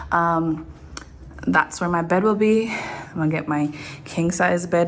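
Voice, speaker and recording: Woman vlogger, lowish voice, chatty and excited, phone mic in echoey empty rooms. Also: slight background noise. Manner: chatty and excited, playful slang. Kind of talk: casual apartment tour vlog. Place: large empty apartment indoors. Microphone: phone held in hand.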